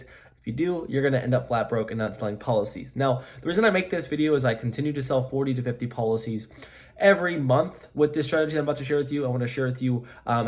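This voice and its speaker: A man's voice: mid-range voice, darkish tone. A man coaching life insurance sales in an emphatic, repetitive pep-talk to camera. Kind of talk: motivational coaching monologue to camera.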